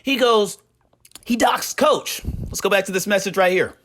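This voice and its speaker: A man giving casual commentary on his gaming community, telling stories in an animated way with a repeated catchphrase. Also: sits high, moderate pace.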